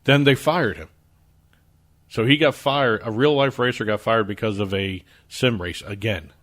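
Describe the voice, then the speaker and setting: This sports podcast co-host, a man with a New Jersey accent, goes through the news stories in casual conversation, explaining them at length with occasional restarts. His voice is fairly low and fairly bright, at a moderate pace.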